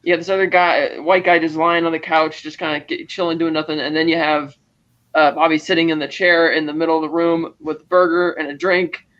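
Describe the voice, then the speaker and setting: High-voiced man on a muffled line. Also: flat delivery, brisk, fairly bright tone. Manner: narrates scenes, acting out quoted lines with chuckles. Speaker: podcast co-host. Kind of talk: casual film-recap chat.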